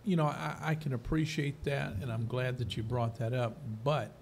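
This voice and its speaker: A man's voice: medium pitch, moderate pace, creaky. A man hosting a casual panel chat over dinner, talking between bites. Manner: eating while talking, relaxed interjections. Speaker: host. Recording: faint room noise, live stream.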